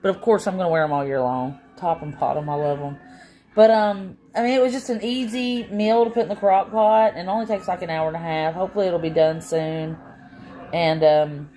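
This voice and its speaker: A woman's voice: fairly low pitch, mellow. A woman, chatting casually and rambling with her live-stream viewers from home, worn out after a long day. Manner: rambling, drawn-out, tired.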